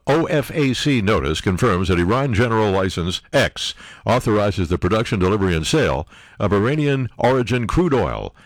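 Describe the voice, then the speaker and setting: An older man reads the news aloud and mocks it, jumping into goofy voices for the people he quotes. His pitch swings widely. The sound is dry and close, with no room around it. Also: no room sound. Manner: mocking, acts out silly voices for quoted people. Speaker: political commentary host. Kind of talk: sarcastic news commentary.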